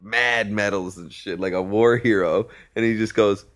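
A man's voice: fairly low pitch, steady tone, moderate pace, a bit bright. A man co-hosting a podcast, telling funny stories in casual chat and laughing at his own jokes. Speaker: podcast co-host.

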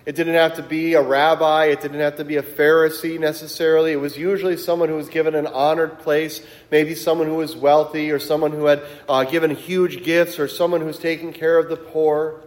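A man's voice: a little high, level tone, fairly quick, hardly any pauses, in a large hall. A man preaching a sermon as pastor, in a conversational storytelling way that builds to emphatic peaks. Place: church sanctuary.

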